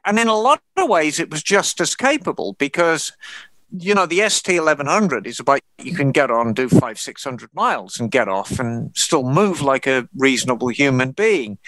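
A woman co-hosting a podcast in casual chat, emphatic and animated. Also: low voice, no echo. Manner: emphatic and animated, with quick repeated no's. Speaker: podcast co-host.

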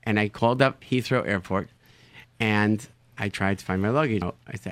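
Man telling animated stories, dry sound. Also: on the low side, moderate pace, no room sound. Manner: animated, repeats words while searching for phrasing. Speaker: storyteller, show guest. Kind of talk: casual anecdote telling.

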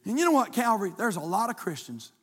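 A man preaching as pastor to his congregation, building to shouted, rhythmic lists of praise. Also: high-pitched, big pitch swings, fast talker, husky. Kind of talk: sermon. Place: large church sanctuary. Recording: long hall reverb.

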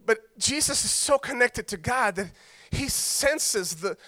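High, bright-voiced male pastor preaching. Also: animated, a little slow. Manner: conversational, joking storyteller. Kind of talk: sermon.

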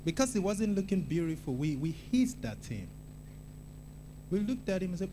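A man preaching a sermon in a church, talking in an animated, conversational way and repeating phrases for emphasis. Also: on the high side, normal speed, background noise. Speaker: pastor.

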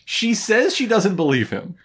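A woman's voice: mid-range voice, big pitch swings, normal speed, husky. A woman co-hosting a casual recap chat, wry and profane, laughing often. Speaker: podcast co-host.

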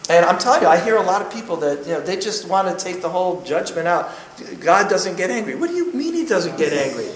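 A man's voice: high-pitched, big pitch swings, fast, roomy sound, poor audio. A man preaching a sermon to a congregation, emphatic and punchy, with joking asides.

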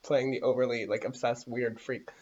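A woman's voice: extremely low pitch, normal speed. A young woman co-hosting a podcast, telling stories in casual chat and laughing often. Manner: animated, laughing often, storytelling. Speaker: podcast co-host. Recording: dull lo-fi recording.

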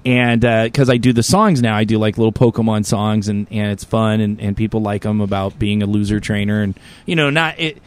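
A man's voice: lowish voice, a little fast, hardly any pauses, smooth, no echo. A man telling a story in casual chat, rambling and full of fillers and swearing, with heated, raised bursts when he quotes himself.

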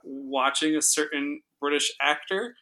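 A man's voice: on the high side, a little slow, pushed and bright. A man co-hosting a film podcast, playfully building up a bit in casual chat. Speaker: podcast co-host.

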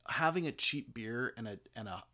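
A man's voice: medium pitch, expressive, normal speed, bright, forceful tone. A man talking through a film in a casual chat, rambling with many fillers and restarts.

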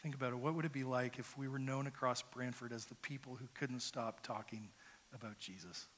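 A man's voice: medium pitch, steady tone, a little fast, fairly bright tone, a little hiss or hum. A man preaching a sermon as pastor, earnest and conversational, often repeating words as he starts a phrase. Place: church sanctuary. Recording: long hall reverb.

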